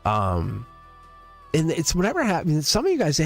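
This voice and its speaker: This male tarot livestreamer has a higher voice that swoops wildly in pitch, with vocal fry, a moderate pace and faint music behind him. Chatting casually, he rambles earnestly, restarting and filling gaps, and keeps laughing between his thoughts.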